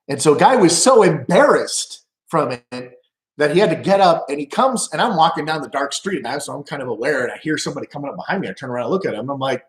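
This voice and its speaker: A man's voice: a little high, lively intonation, fast, roomy sound. A middle-aged man casually telling rambling stories at home, profane and loose, laughing at his own jokes. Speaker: live streamer.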